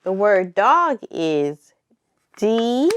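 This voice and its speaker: Slow sing-song preschool teacher woman. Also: fairly high pitch, very animated, a little hiss or hum. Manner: slow, sing-song and encouraging, spelling letter by letter. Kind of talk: circle time lesson for toddlers.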